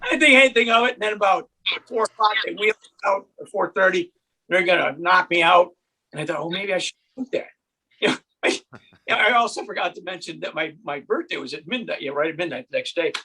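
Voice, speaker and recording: A man's voice: sits high, fast talker, sharp tone, husky. A man doing a stand-up comedy set from home, telling true stories and putting on voices for the people in them. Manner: storytelling with acted voices and bursts of laughter.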